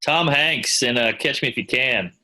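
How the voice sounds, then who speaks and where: A man on a comedy podcast throwing in quick, punchy jokes. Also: medium pitch, sharp tone. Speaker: podcast guest. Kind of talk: casual comedy podcast chat.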